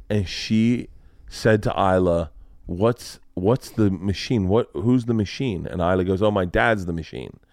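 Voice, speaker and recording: A man hosting a podcast, telling a story in a casual, animated way, acting out the people he quotes and swearing freely. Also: sits low, no room sound, studio quality. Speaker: podcast host.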